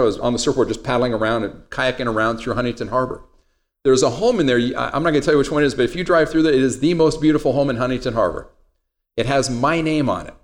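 A middle-aged man leads a trading class in a relaxed, conversational lecture. He wanders off topic into personal anecdotes and loops back. His pitch sits in the ordinary middle range. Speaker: trading instructor.

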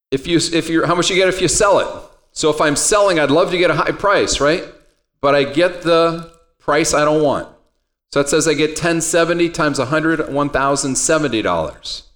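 A man with a slightly high, fairly bright voice teaches an options trading class. He keeps the lecture conversational, quizzing students and sharing everyday stories.

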